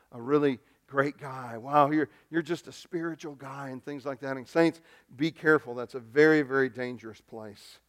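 A male pastor delivering a sermon in a fairly high voice. He preaches emphatically, doubling up words when he drives a point home.

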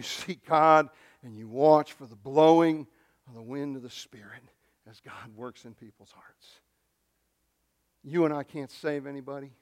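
A pastor preaching a sermon, swinging from hushed, near-whispered lines to loud, emphatic ones. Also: male voice, medium pitch.

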